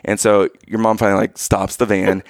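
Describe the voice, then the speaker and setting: Animated man telling a funny story. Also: fairly low pitch, fairly quick, a little hiss or hum. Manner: animated, acts out his own past lines with loud outbursts. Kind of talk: casual storytelling chat.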